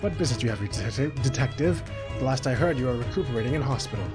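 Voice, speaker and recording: A man's voice: medium pitch, animated, racing, natural voice. Man doing a stern old judge, formal, game music behind.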